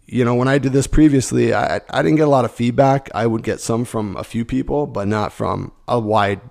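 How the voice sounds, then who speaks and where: A middle-aged man hosting a podcast, hoarse from a cold and sounding rough as he rambles casually. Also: mid-range voice, a little fast, a little mellow. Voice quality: rough, gravelly. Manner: rambling, stream of consciousness. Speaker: podcast host. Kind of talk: casual solo podcast chat.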